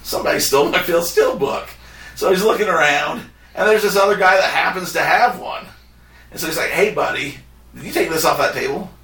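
A man's voice: fairly high pitch, a little fast, reverberant, recorded from a distance. A man hosting a podcast, telling a story in casual chat and acting out what others said. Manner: animated, acts out quotes of others. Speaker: podcast host.

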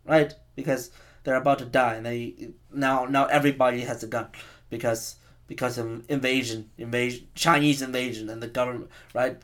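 A man's voice: medium pitch, fairly even intonation, normal speed, a bit bright. A man in his twenties, host of a podcast, ranting casually in a rambling, profane, self-mocking way. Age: 20s.

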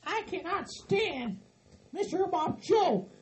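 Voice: very high-pitched, very animated, takes it slowly, slight background noise, heavily acted, low-quality recording. A performer voicing a bossy, fed-up hillbilly woman with a Southern drawl in a comedy skit. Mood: annoyed.

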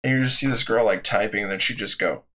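A man's voice: lowish voice, quick pace, fairly bright tone. A young man co-hosting a podcast in casual chat, laughing often and telling stories in rambling restarts. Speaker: podcast co-host.

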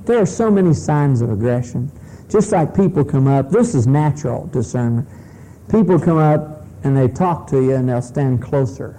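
Joking preacher with a mellow voice. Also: male voice, mid-range voice, animated, moderate pace, slight background noise, poor audio. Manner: humorous, conversational, quizzes the congregation. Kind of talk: sermon.

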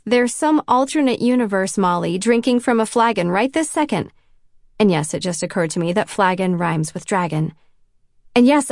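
A woman's voice: medium pitch, no room sound, studio quality. A woman reading a novel in first person, with a self-conscious, wry inner voice. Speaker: audiobook narrator. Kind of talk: first-person audiobook narration.

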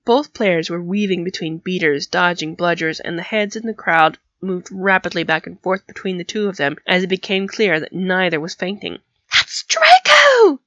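A woman narrating an audiobook in an even, steady manner. Her voice sits a little low with a gravelly edge. The recording is dry and dull. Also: normal speed, few pauses, dry recording. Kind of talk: audiobook reading of fan fiction.

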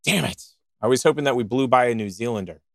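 A man co-hosting a show, chatting in a rambling, jokey and excitable way, cracking himself up as he goes. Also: mid-range voice, quick pace, vocal fry, no echo, clean studio sound. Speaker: co-host of a podcast show. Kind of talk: casual banter.

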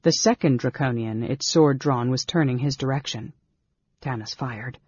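A man narrating a fantasy audiobook in a measured, dramatic storytelling manner. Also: medium pitch, darkish tone, husky, highs cut off. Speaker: audiobook reader.

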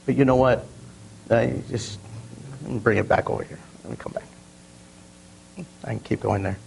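A man preaching a sermon, stumbling over and repeating words as he tells stories, and reading scripture slowly with emphasis. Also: mid-range voice, vocal fry, darkish tone, a little hiss or hum, poor audio. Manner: repeats words and restarts often, storytelling.

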